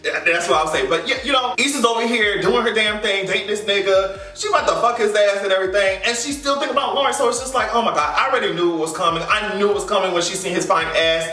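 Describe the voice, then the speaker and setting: A man casually ranting to camera about a TV finale, animated, profane and sassy. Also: sits high, fast, few pauses, echoey room, recorded from a distance, faint music behind. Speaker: vlogger reviewing a TV finale.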